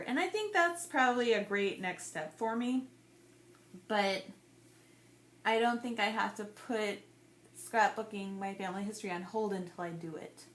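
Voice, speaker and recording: A woman's voice: mid-range voice, fairly bright tone, slight background noise. A woman vlogger, maybe in her thirties, chatting casually to the camera in a rambling way and laughing often. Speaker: scrapbooking vlogger.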